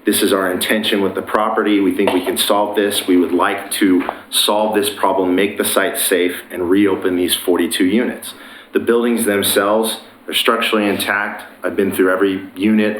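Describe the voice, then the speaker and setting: Earnest property owner, lowish voice, pitches his case in an echoey council chamber. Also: level tone, moderate pace, a bit bright, slight background noise. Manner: earnest, persuasive, some hesitations. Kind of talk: public meeting presentation.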